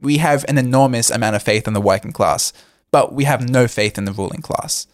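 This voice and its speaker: A young man speaks earnestly about politics, often pausing on "uh" as he builds his points. His voice sits in a middle range. The sound is dry and close to the mic. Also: mid-range voice, dry recording. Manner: earnest, with frequent "uh" fillers. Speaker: co-host. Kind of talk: casual political commentary.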